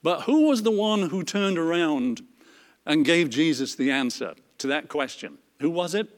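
A man's voice: fairly high pitch, animated, moderate pace. A man leading a Bible study, reading scripture aloud earnestly, with frequent fillers and restarts. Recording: long hall reverb.

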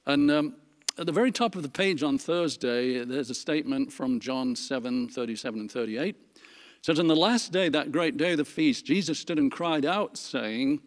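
A man's voice: on the high side, lively intonation, normal speed. A man leading a Bible study, reading scripture aloud earnestly, with frequent fillers and restarts. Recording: long hall reverb.

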